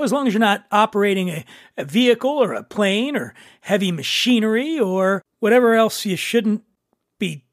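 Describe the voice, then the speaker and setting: A man's voice: high-pitched, dry recording, studio quality. Jokey rambling podcast host, a man. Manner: jokey, rambling, self-mocking. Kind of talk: casual podcast talk.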